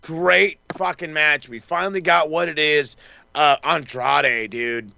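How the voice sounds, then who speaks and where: A man's voice: on the high side, steady tone, a little slow, vocal fry, sharp tone, dry recording, lo-fi sound. A man co-hosting a wrestling podcast, rambling through a casual recap, swearing freely and acting out the wrestlers' lines. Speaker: podcast co-host.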